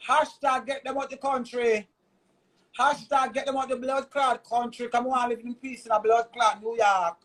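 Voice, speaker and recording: A man's voice: very high-pitched, steady tone, normal speed, a bit bright, low-quality recording. A man with a Jamaican accent delivering a heated, cursing, repetitive rant in a vlog. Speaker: vlogger.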